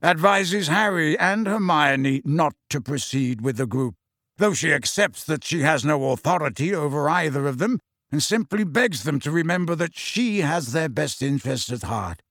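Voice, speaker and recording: A man's voice: on the high side, lively intonation, moderate pace, fairly bright tone, no echo, clean studio sound. A man voicing Sirius, a bold teasing wizard. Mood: wry. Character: bold, wry adult wizard, male, proud and reckless.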